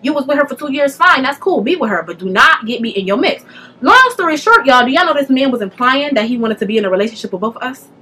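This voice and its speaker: Fast-talking, bright-voiced young woman telling a story. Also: high-pitched, slightly rough. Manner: animated, addresses viewers directly, slangy. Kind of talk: casual storytime.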